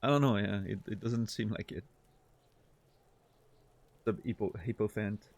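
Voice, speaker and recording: A man's voice: fairly low pitch, unhurried, gravelly. Casual, swearing male streamer. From Switzerland. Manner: relaxed, swears freely, laughs often. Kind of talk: casual gameplay chat with viewers.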